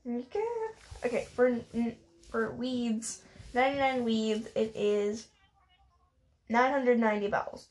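Woman, tired casual game commentator; unhurried, slightly high, chatty and self-mocking. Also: flat delivery. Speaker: gaming video creator.

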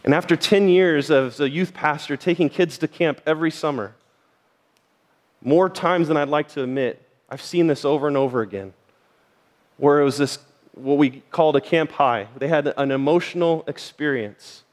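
A middle-aged man preaching with earnest, direct appeals to his listeners. His voice sits a little high for a man. The sound carries a long reverb from the church hall around him. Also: normal speed. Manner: earnest and direct, addressing the congregation. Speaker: pastor. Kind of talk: sermon.

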